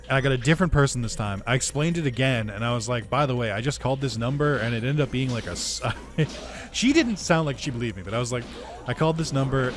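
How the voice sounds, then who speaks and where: A man casually telling a long, sarcastic story while playing a video game, swearing often and laughing between lines. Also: mid-range voice. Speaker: gaming YouTuber. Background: game music.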